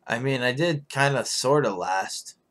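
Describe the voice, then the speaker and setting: A man hosting a live stream in casual chat, hoarse and rambling, swearing freely as he answers his viewers. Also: medium pitch, expressive, unhurried, a bit bright.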